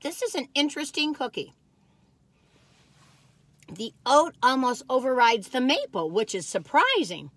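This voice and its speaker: A woman's voice: high voice, very animated, unhurried, pauses often, no echo. A woman in her sixties chatting casually as a cookie review vlogger, exuberant and rambling, breaking into whoops and laughter as she talks straight to her viewers. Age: 60s. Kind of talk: casual chat.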